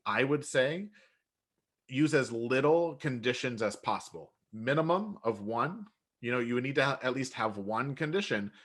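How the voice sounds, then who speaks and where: Man cutting in with quick tips. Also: mid-range voice, a bit bright. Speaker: co-host answering viewer questions. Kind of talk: live webinar instruction.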